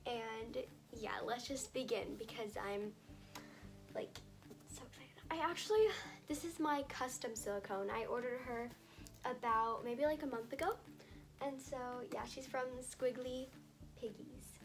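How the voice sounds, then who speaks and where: A woman filming an unboxing vlog, talking in a gushing, excitable way full of fillers, recorded by a camera on a tripod at home. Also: fairly high pitch, measured pace. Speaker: doll collector vlogger. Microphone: camera on a tall tripod. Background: background music.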